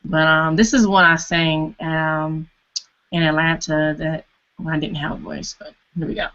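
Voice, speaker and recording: A woman who sings, getting over a cold, talking casually with a raspy, hoarse voice and a chatty, self-conscious manner. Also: low voice, flat delivery, a little slow, fairly bright tone, dull audio. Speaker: singer guest. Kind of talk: casual chat.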